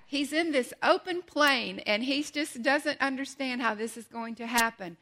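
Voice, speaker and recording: A woman teaching a Bible lesson in animated storytelling style, slowing down for emphasis and asking rhetorical questions. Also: high-pitched.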